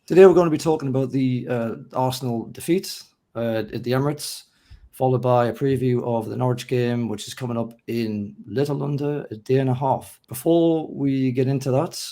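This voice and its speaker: Hosting a laid-back football podcast, this man has a mixed North East English accent and comes from that region. His throat sounds rough and hoarse, giving a dark, mellow voice at medium pitch and moderate pace, as he jokes at his own expense and works steadily through lists.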